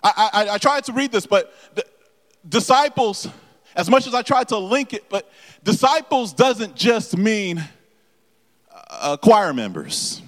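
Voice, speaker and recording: Male preacher, high voice, halting delivery, long hall echo. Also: very animated, a bit bright. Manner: halting with many repeated words and fillers, addresses the congregation directly. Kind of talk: sermon.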